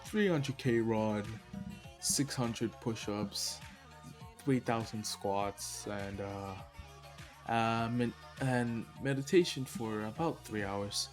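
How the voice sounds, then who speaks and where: A man voicing a calm teenage boy hero who lists his training plainly, with small hesitations. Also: mid-range voice, takes it slowly, faint music behind, natural voice. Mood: matter-of-fact. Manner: matter-of-fact, hesitant.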